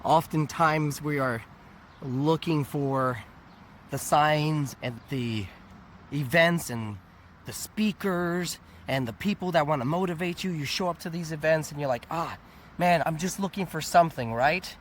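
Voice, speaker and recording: A man's voice: on the high side, measured pace. A worn-out man recovering from a cold tells a candid, reflective personal story in a casual vlog. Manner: candid, reflective, laughs at himself. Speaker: vlogger. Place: outdoors near a convention area. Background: faint traffic noise.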